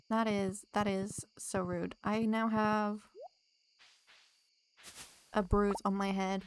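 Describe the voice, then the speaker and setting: A woman's voice: mid-range voice, slow pace, creaky, pauses often, slight background noise. A woman streamer chatting casually with her live viewers while she plays, teasing them back in a playful way and laughing often.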